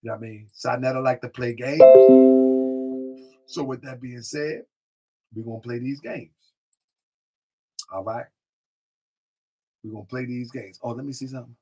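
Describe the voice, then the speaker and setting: A man's voice: medium pitch, moderate pace, long pauses, faint music behind. A man hosting a live stream, chatting casually, reading out viewer comments and often repeating himself. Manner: talks to chat directly, repeats himself, drifts off mic.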